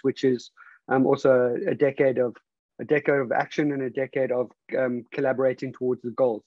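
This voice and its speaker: Male interview host, monotone and halting, dull dry lo-fi call audio. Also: medium pitch, no room sound. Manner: rambling and halting, many fillers and restarts.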